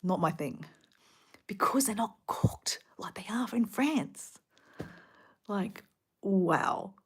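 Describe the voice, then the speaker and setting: A woman from Australia with an Australian accent, rambling casually in a travel vlog from a hotel room, full of fillers and sometimes dropping to a soft whisper. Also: mid-range voice, lively intonation, slow, husky. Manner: chatty, rambling, filler-heavy, drops to a soft whisper at times. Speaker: travel vlogger.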